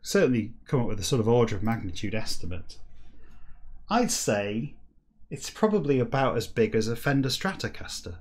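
A British man muses aloud in a comedic podcast, wry and deadpan, wandering from thought to thought. His voice sits in a middle pitch, and he slows to a halting drawl whenever he reads a passage. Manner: rambling, wry and deadpan, slowing to a halting drawl when reading backwards. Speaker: podcast host reading a novel backwards.

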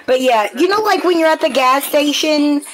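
A woman's voice: high-pitched, normal speed. A woman live streaming, chatting casually with viewers in a blunt, profane, rambling way full of fillers.

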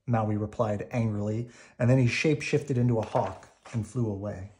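A man reading a children's storybook aloud at bedtime in a calm, measured way. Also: mid-range voice. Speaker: storybook reader.

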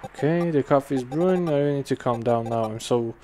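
A man's voice: mid-range voice, fairly quick, mellow, slight background noise. A man giving wry let's-play commentary, muttering and swearing casually. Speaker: game commentator. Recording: faint game music behind.

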